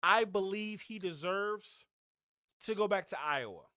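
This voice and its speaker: A man's voice: sits high, measured pace, sharp tone, no room sound, studio quality. A man hosting a fan podcast, delivering a blunt, heated, preachy sports rant.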